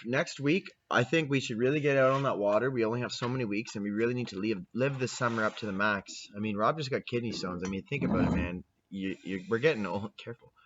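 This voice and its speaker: A man's voice: mid-range voice, quick pace, hardly any pauses, dull audio, slight background noise. A man in his twenties hosting a casual podcast, rowdy and laughing, swearing a lot. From Canada. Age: 20s. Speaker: podcast host. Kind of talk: profane casual chat to camera.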